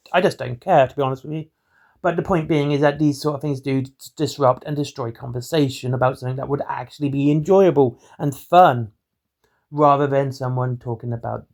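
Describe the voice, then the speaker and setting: A man, hosting his own hobby channel in a monotone, rambling way of talking. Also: mid-range voice, gravelly. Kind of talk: rambling solo commentary.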